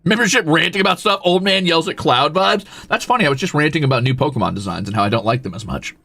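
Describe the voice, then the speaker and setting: A man's voice: fairly high pitch, expressive, fast talker, gravelly, hardly any pauses, pushed and bright, no room sound. A male live streamer in casual chat, teasing and swearing freely as he coos at and scolds his cat.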